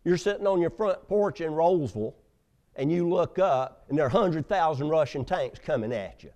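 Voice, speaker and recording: A man preaching a sermon, telling stories with loud emphasis and hushed asides. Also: a little high, lively intonation, moderate pace. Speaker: pastor.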